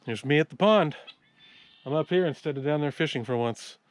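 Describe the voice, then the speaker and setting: A man's voice: on the high side, a little fast, slight background noise. Winded man vlogging on a trail. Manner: chatty, self-talking while walking uphill. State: out of breath. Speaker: outdoor vlogger. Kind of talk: casual hiking vlog. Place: outdoor hillside trail.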